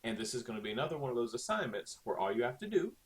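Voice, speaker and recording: A man's voice: mid-range voice, sing-song, very fast. A man teaching a recorded Spanish lesson in a chatty way, often checking in with "okay?".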